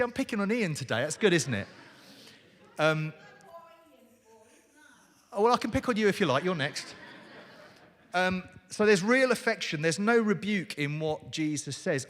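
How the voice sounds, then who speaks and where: A man's voice: fairly high pitch, a bit bright. A man preaching a sermon, talking conversationally and animatedly and addressing the congregation directly. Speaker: pastor. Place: church hall. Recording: reverberant church hall.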